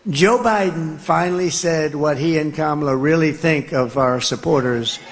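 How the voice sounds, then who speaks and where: A man's voice: fairly high pitch, normal speed. A man speaking at a political rally in a rambling, repetitive, mocking way. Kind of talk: rally speech. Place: outdoor rally stage. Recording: noisy rally clip with crowd ambience.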